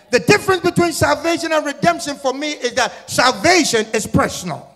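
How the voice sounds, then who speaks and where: A male guest pastor preaching an Easter sermon, firing repeated questions at the congregation and building into shouted, sing-song crescendos. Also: extremely high pitch, a little fast. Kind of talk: Easter sermon with call-and-response. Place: church sanctuary. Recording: church hall reverb with music.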